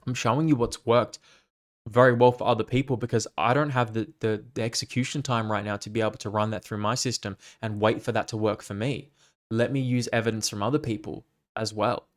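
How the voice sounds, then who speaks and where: A man's voice: on the low side, steady tone, brisk. A man hosting a casual monologue podcast, talking in a blunt, profane and rambling way about his coaching business. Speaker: fitness coach and podcast host.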